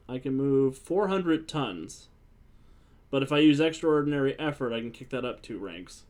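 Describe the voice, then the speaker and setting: A man playing a tabletop game, excitable and playful, hamming it up. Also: mid-range voice, moderate pace. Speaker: player. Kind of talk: casual tabletop play.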